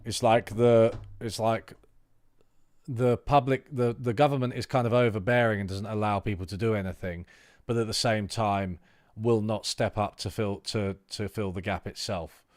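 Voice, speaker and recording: Guy on a stream reading text out loud, low voice, dry close sound, rambly asides. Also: fairly even intonation, moderate pace, no room sound. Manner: reads text aloud, then breaks off into loose asides with fillers. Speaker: streamer reading political manifestos. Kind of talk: livestream reading aloud with commentary.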